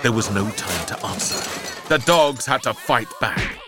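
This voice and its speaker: A man reading a children's storybook aloud, lively and playful, punching out sound-effect words. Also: medium pitch, a little slow, loud music behind the voice.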